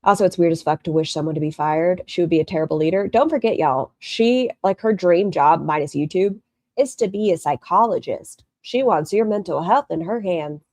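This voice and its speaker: A woman's voice: lowish voice, fairly quick, a little mellow, no room sound. A woman hosting critical reaction commentary, blunt and sarcastic. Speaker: commentary host.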